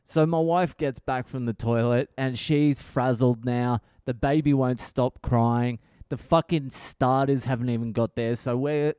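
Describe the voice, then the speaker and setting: A man's voice: mid-range voice, mellow, clean tone, no room sound, clean studio sound. A man in his thirties from Australia, a comedian hosting his own podcast, telling a story in a rambling, exasperated way and swearing constantly. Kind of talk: comic storytelling monologue.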